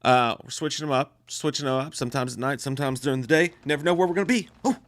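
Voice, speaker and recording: A man's voice: medium pitch, very fast, fairly bright tone, dry recording. A man co-hosting a casual live-stream podcast, laughing often and swearing as he riffs on accents. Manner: laughs a lot, swears, tries out regional accents. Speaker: podcast co-host.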